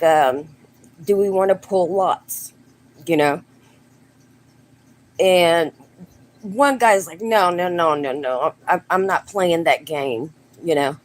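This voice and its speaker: A woman casually retelling a story in a slow, meandering way, full of fillers and restarts, slipping into quick quoted voices. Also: mid-range voice, a little mellow, slight background noise. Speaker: storyteller host.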